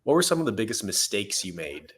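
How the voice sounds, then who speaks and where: A man's voice: fairly low pitch, sing-song, fast talker, a bit bright, husky. A man hosting a recovery interview, encouraging and supportive as he asks his guest questions. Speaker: podcast host. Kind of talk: casual interview.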